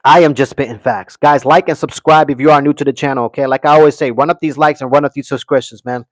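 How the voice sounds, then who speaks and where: Fast-talking and fairly even in intonation, this medium-pitched man runs a live stream of fight commentary, brash and opinionated as he reads out and responds to chat. He keeps saying "okay" and "guys," and the recording is dry.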